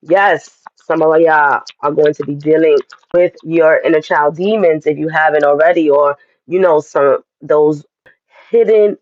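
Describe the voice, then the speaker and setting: A man's voice: a little high, no room sound, muffled recording. Chatty man giving a spiritual reading. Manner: chatty, direct, addresses viewers as y'all. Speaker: astrology and tarot reader. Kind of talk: casual spiritual reading to viewers.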